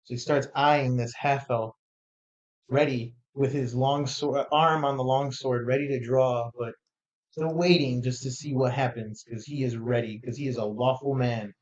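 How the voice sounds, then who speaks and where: A man playing a warrior in a tabletop game, describing his moves in a plain, steady way. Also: medium pitch, normal speed, dull audio. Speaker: player.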